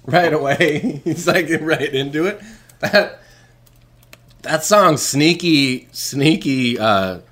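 Animated man in casual chat. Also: fairly high pitch, takes it slowly. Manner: animated, laughing, trails off quietly.

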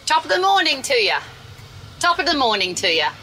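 A woman's voice: sits high, big pitch swings, a little fast, noisy background, pitched above the performer's own voice. An Australian woman in a taxi, putting on a shaky English accent with Irish hints, chatty and giggly. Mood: playful. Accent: mixed English and Irish-tinged put-on. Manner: chatty, giggly, following prompts. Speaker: radio host undercover in a cab. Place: back seat of a taxi.

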